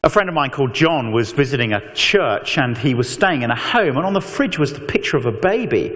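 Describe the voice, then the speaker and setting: A man preaching an animated evangelistic talk, telling stories with mock voices and asides. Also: medium pitch, normal speed. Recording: long echo of a large hall.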